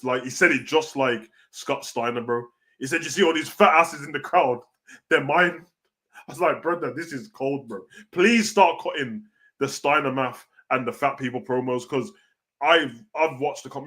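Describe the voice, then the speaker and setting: A British man hosting a casual wrestling reaction stream. He is animated and slangy, tacking "bro" onto nearly every line. His voice sits at an ordinary male pitch. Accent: British (London street slang).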